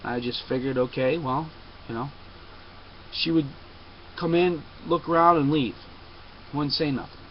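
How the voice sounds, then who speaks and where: A man's voice: on the high side, fairly even intonation, unhurried, long pauses. A man telling a long personal story to a webcam, emphatic and insistent, often digressing. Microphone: webcam mic. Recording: dull lo-fi webcam audio with faint noise.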